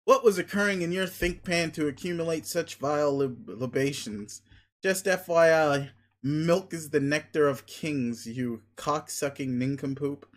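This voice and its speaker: A man reading a webcomic aloud, voicing a boastful, crude, muscle-obsessed male creature who swears loudly and gives commands. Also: fairly high pitch, unhurried, close to an everyday voice. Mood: demanding. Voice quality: loud, bragging, swears constantly. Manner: bombastic, pushy, commanding.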